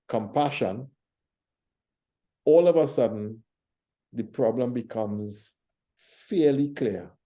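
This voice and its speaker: A man leads a reflective faith conversation. His voice is very dark and mellow, at a middling pitch. He teaches through stories in a measured, thoughtful manner. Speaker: church leader hosting a faith talk show.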